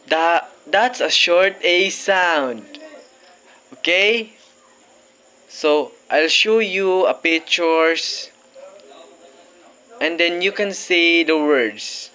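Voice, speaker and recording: Slow, bright-voiced phonics teacher man. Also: on the high side, animated. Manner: slow, patient, repeating words for learners; encouraging. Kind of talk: phonics lesson for children.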